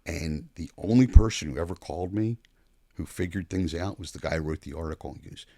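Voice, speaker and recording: An older man, a podcast guest, telling stories in a blunt, profane, animated way. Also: low voice, fairly quick, dry recording. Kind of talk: casual storytelling chat.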